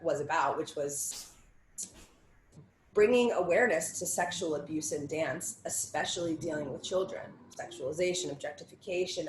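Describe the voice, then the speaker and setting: A woman with a lowish voice speaks candidly at a panel talk, giving personal testimony in raw, blunt bursts and swearing without holding back. The sound bounces around a roomy space, with a faint hum underneath. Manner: candid and raw, swears freely, stacks short phrases in lists. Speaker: panel speaker sharing survivor story.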